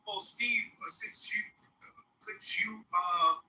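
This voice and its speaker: A caller making a halting, pleading request in a chat room. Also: mid-range voice, pushed and bright. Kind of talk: casual chat. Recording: roomy, distant mic, faint noise.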